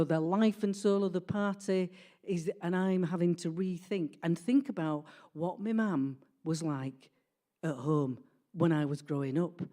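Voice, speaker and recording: A woman, telling a comic family story in a lively, animated way. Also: deep voice. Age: 60s. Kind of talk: personal storytelling.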